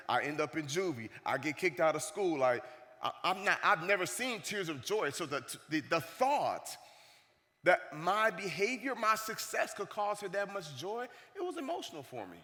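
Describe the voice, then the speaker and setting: A man giving a keynote speech, telling a story in an animated way and acting out the voices of the people in it. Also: fairly high pitch. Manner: animated, acts out the voices of the people in his stories. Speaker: keynote speaker. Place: conference hall stage. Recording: long reverb of a large hall.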